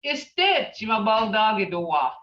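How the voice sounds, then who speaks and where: A woman's voice: mid-range voice, big pitch swings, normal speed, far from the mic. A woman teaching a language class, patiently repeating phrases as she explains them. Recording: muffled, roomy, from off mic.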